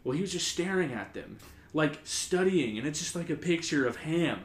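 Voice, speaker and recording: A man's voice: a little high, moderate pace. Rambling male podcast host, echoey room. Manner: rambling, many "like" fillers, animated retelling. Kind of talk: casual storytelling chat.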